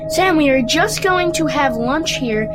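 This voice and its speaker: A woman voicing a calm, kindly father, speaking gently over background music. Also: high-pitched, a little slow. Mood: gentle. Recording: music playing underneath.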